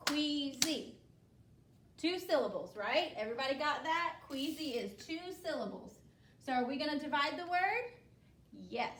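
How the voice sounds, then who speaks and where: A woman's voice: sits high, lively intonation, moderate pace, a bit bright. A woman teacher leading a spelling lesson, patient and instructive, checking in with "okay?" after each step. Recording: echoey room, voice from a distance.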